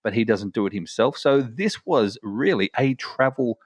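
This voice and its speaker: A man's voice: medium pitch, lively intonation, moderate pace, dry recording, studio quality. A man co-hosting a travel podcast in casual chat, rambling with many restarts and fillers. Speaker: podcast co-host.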